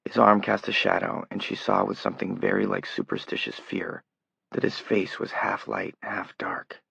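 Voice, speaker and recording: A man narrating an audiobook in a measured, low-key way. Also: sing-song, creaky, a bit bright, slightly rough, no room sound. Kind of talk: scripted narration. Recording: dull lo-fi recording, dry.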